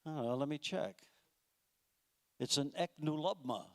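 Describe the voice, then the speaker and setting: A man's voice: on the high side, animated, moderate pace, long pauses. A man doing a stand-up comedy routine on a stage mic, exasperated and mocking, acting out the people in his jokes. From United States. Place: comedy club stage with a live audience.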